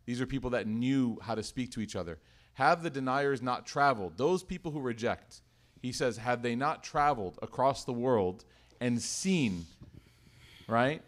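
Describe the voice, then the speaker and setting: A man's voice: mid-range voice, animated, moderate pace. A man telling stories and explaining verses in a casual religious talk, quoting Arabic. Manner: earnest storyteller, quotes Arabic verses. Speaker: religious teacher and co-host.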